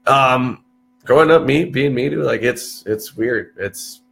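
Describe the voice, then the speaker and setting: Animated young man telling stories. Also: mid-range voice, unhurried, vocal fry, faint music behind. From Texas, USA. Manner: animated storyteller, swears freely, peppers talk with "dude". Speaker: podcast guest. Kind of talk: casual chat.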